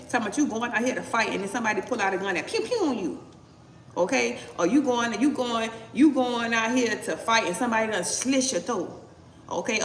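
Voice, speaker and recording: A woman's voice: fairly high pitch, a little hiss or hum. A woman giving a casual live tarot reading, talking bluntly with some swearing and tagging her points with "okay?". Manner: blunt, profane, punctuates with "okay?". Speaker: tarot reader. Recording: roomy echo, voice distant from mic.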